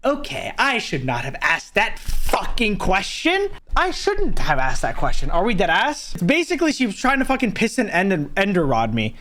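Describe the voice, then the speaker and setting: A man's voice: high voice, moderate pace. A young man telling a story in a casual vlog, swearing often and acting out what the other people said. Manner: profane, animated, acts out others in the story.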